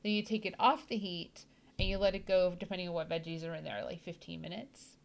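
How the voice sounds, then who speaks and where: A woman's voice: on the low side, steady tone, a little fast, creaky. A woman hosting a casual chat, bubbly and enthusiastic and laughing often between thoughts. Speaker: host.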